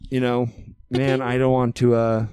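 A man's voice: medium pitch, flat delivery, unhurried, darkish tone, clean tone, no echo, studio quality. A man co-hosting a podcast in casual chat, rambling and profane, often repeating words as he builds a point. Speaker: podcast co-host.

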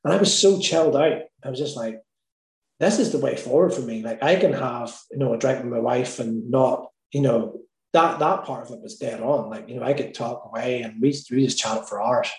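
A man's voice: medium pitch, moderate pace, a little mellow. Give me a man with an Irish accent, a guest in a casual interview who tells a candid story full of laughter and swearing. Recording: roomy echo.

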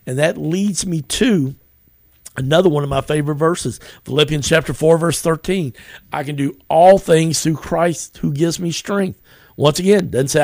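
A middle-aged man, a pastor hosting a devotional podcast, talks in an earnest, conversational way and slows down to recite scripture. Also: a little high, darkish tone, no echo, studio quality.

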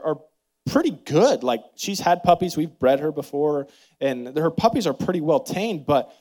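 Lively pastor telling a family story. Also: male voice. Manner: animated storytelling with big pitch swings and laughter; leads congregation in prayer and call-and-response. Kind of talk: sermon.

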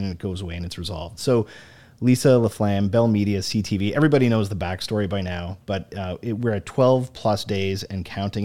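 A man from Canada hosting a podcast, conversational and animated when asking questions. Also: on the low side. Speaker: podcast host. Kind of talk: casual podcast chat.

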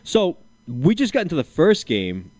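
A man's voice: on the high side, huge pitch swings, moderate pace, darkish tone, no echo. A man co-hosting a sports podcast, chatting casually, swearing freely and retelling comedy bits. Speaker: podcast co-host.

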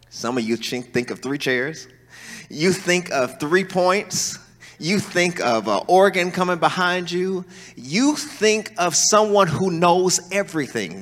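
A man preaching a sermon in a church, telling stories and calling on the congregation to respond. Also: on the high side. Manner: animated, folksy storytelling with call-and-response. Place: large church hall. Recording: reverberant church hall.

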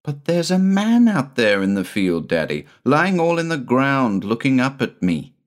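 A man reading a story aloud, voicing an excited, breathless little boy who pleads with his father. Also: measured pace. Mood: excited pleading. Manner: breathless, pleading, high-pitched.

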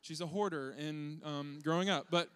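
Man, high-pitched, animated, self-deprecating storyteller, dry close mic. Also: moderate pace, smooth, no room sound. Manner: animated, self-deprecating, acts out his kids' voices. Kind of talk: comedic storytelling to an audience.

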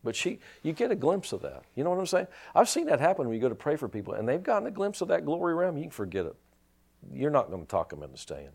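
A male pastor preaching a sermon, telling stories and rising into shouted praise. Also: on the high side, wildly swooping pitch, quick pace, vocal fry, breathy edge.

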